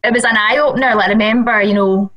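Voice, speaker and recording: A woman's voice: on the high side, steady tone, fast talker, a bit bright, low-quality recording. A woman in her thirties with a Glaswegian accent, telling stories as a chatty, laughing podcast guest. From Glasgow, Scotland. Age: 30s. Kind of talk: casual chat.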